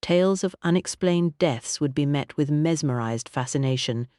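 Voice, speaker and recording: An audiobook narrator reading a period mystery novel in an even, measured storytelling manner. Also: medium pitch, clean tone, no echo, clean studio sound.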